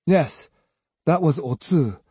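A man's voice: fairly high pitch, expressive, slow pace, dark tone, husky, dry recording, pitched above the performer's own voice, full character voice. A man doing a blunt young boy pupil. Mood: curious, blunt. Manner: blunt, proud, plain-spoken. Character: earnest loyal young boy, sword pupil.

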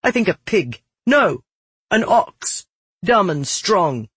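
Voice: medium pitch, big pitch swings, takes it slowly, a bit bright, husky, dry recording, pitched above the performer's own voice, heavily acted. A narrator voicing a cruel young male noble who sneers and spits out threats in an audiobook. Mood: taunting. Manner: threatening, spitting out taunts. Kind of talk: audiobook character voice.

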